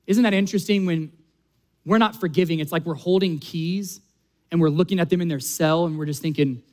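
A man's voice: fairly high pitch, a little fast, a little mellow. A man preaching a sermon, earnest and building to emphatic peaks. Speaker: pastor.

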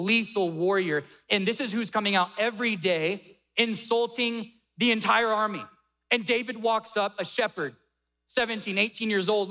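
Man, preacher, high voice, bright tone, animated storytelling. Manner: animated, acts out quoted dialogue. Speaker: pastor. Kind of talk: sermon storytelling.

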